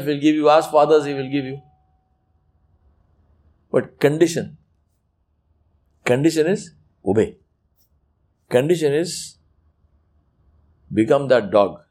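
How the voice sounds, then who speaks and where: Male preacher, lively emphatic delivery with acted-out asides. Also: a little high. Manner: animated, emphatic, acts out quoted speech. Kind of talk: religious talk.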